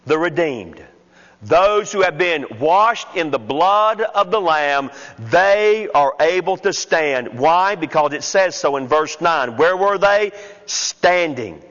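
A man preaching a sermon, working slowly and deliberately through the text point by point. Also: sits high, fairly bright tone. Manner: slow, deliberate expository preaching with counted points. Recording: muffled sound with long hall reverb.

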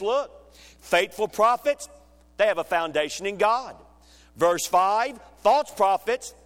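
Man, preacher, sermon, high voice, slow deliberate delivery, emphatic, long hall reverb. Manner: emphatic, rhetorical questions, swings between loud and hushed.

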